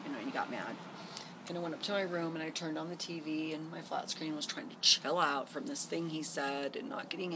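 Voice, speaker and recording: A deep-voiced middle-aged woman, a vlogger, recounts a long personal tale to camera out in a garden. The setting is noisy, and her delivery is loose and frank, full of filler words.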